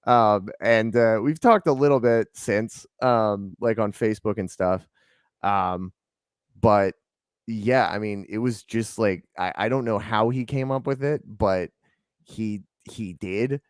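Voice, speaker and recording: A man's voice: fairly low pitch, takes it slowly, clean tone, no room sound, studio quality. A man from Atlanta, a band's lead singer, chatting casually in an interview with a rambling, laid-back way of talking full of ums and likes. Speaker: lead singer and band guest.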